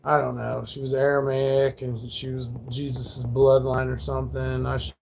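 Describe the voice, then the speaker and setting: A man's voice: medium pitch, level tone, moderate pace, creaky, a little mellow, slight background noise. A man telling rambling, profane stories on a casual livestream, laid back and loose. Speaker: live streamer.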